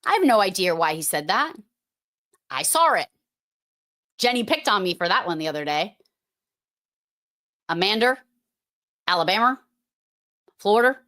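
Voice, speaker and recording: A woman's voice: medium pitch, sing-song, moderate pace, long pauses, pushed and bright. A woman with a strong Boston accent hosting a casual livestream, talking in a playful, emphatic, teasing way. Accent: Boston, Massachusetts. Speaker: host.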